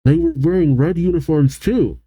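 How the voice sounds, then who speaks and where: A man's voice: a little high, lively intonation, normal speed, dark tone, dry recording, pitched above the performer's own voice. A man doing an earnest young inventor.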